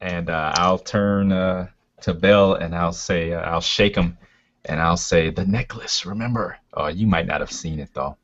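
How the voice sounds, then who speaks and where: A man's voice: deep voice, steady tone, measured pace. A man playing a tabletop game, describing his character's actions hesitantly with many uhs. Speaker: player. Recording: lo-fi audio.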